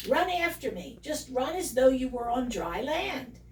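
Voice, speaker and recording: A woman voicing a calm, confident female duck who speaks quietly and steadily in a storybook reading. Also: sits high, a little slow, reverberant, distant mic, slight background noise.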